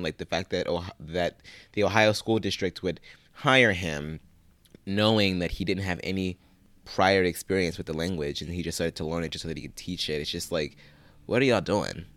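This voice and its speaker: A man's voice: sits low, a little fast, a bit bright, dry recording. A man co-hosting a podcast, giving frank, opinionated commentary with casual swearing. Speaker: podcast co-host.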